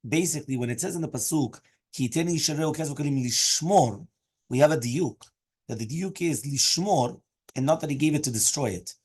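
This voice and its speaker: A man's voice: on the high side, fairly quick, darkish tone, slightly rough. A man teaching a daily Talmud class, explaining each Aramaic phrase in English and often checking with "right?" and "okay?". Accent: Hebrew and Aramaic terms mixed into English.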